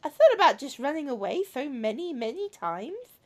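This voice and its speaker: A woman voicing a young, gentle robot girl in a visual novel, speaking softly and earnestly with a sorrowful, wistful tone. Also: sits high, very animated, normal speed. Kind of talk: reading a visual novel aloud.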